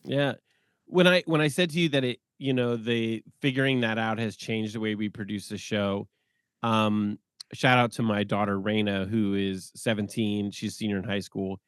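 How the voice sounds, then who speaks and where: A man in his forties, a podcast guest telling stories in an animated way and laughing often. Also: lowish voice, moderate pace, smooth, dry recording, studio quality. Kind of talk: casual podcast conversation.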